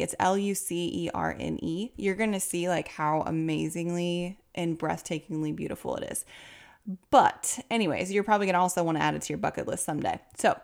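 A woman's voice: fairly low pitch, creaky. A woman in her thirties, a podcast host, telling a personal story to her listeners in a chatty way, laughing often. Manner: chatty, laughing, animated when quoting others.

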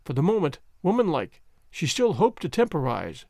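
Expressive male audiobook narrator. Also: fairly high pitch, normal speed, no echo, studio quality. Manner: expressive, dramatic storytelling. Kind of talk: scripted narration.

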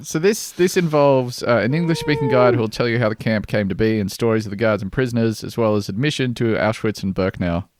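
Deadpan man reading out a list. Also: mid-range voice, quick pace, few pauses, noisy background. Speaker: podcast host. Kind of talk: casual chat, reading out a list.

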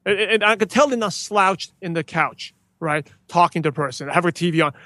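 A man as a guest in a casual interview, talking enthusiastically and acting out greetings with animated emphasis. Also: sits high, fairly quick, no echo. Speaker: podcast guest, podcaster.

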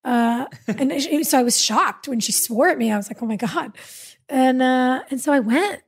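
A woman guest in a casual interview, telling stories animatedly with quick asides. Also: high voice, husky. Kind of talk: casual conversational storytelling.

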